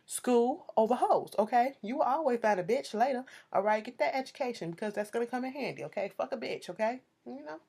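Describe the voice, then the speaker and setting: A woman giving a casual, profane TV recap, sassy and animated, talking straight to her viewers. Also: fairly high pitch, a little fast, creaky, hardly any pauses, slightly rough. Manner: sassy, animated, swears freely, addresses viewers directly. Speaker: TV show recapper.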